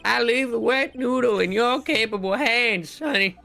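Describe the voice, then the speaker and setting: A streamer voicing a proud, doting old shopkeeper father in a slow drawl for a video game. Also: medium pitch, creaky, sharp tone, faint music behind, pitched above the performer's own voice. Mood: fond.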